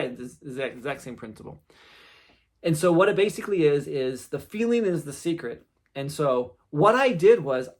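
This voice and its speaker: A man in his thirties or forties hosting a podcast and telling a personal story in a casual, animated way, acting out the quotes in it. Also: fairly high pitch. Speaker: podcast host.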